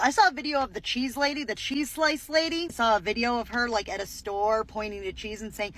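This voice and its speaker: A woman's voice: a little high, expressive, brisk, few pauses, fairly bright tone. A woman delivering a sarcastic, profane, exasperated comedic rant as a commentator.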